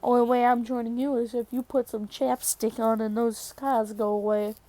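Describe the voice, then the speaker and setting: A woman's voice: on the high side, little pitch movement, normal speed, warm tone, natural voice. Woman voicing a cocky teen boy hero. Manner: cheeky trash-talking.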